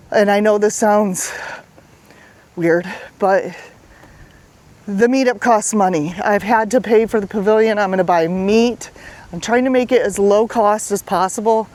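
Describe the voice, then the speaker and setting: A woman chats to her camera as she walks along an outdoor riverside path. She is slightly breathless from the walk and keeps her talk loose and repetitive, often tagging on a quick "right?". Her pitch sits in an ordinary middle range. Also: a little mellow. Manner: chatty, repeats itself, asks "right?". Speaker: fitness coach and vlog host. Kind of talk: casual vlog talk while walking. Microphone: handheld camera while walking.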